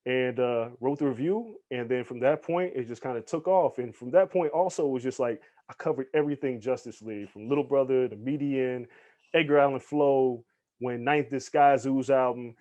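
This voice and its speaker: An animated man tells stories as a podcast guest, with plenty of casual swearing. His voice sits at a middling pitch, and he leans into the people he quotes. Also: moderate pace. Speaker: guest, hip hop journalist. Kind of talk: casual storytelling in an interview.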